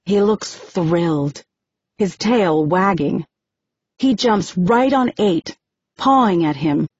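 Slow, husky woman narrating a novel. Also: lowish voice, dry recording. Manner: steady, slow, first-person storytelling. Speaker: audiobook narrator. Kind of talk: first-person novel narration. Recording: dry, muffled audiobook recording.

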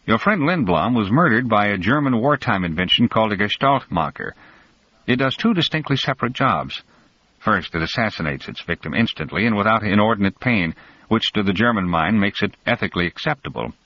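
A cool, cunning schemer lays out his reasoning in a measured, sharp tone, his pitch rising and falling with lively inflection, as a man reads him aloud. The recording is dry and somewhat dull, with a lo-fi edge. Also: no echo. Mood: coolly explaining.

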